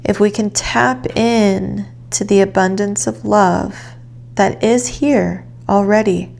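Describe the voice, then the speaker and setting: A woman giving a calm, reflective tarot reading, guiding the listener gently. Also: mid-range voice, slow pace, vocal fry. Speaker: tarot reader.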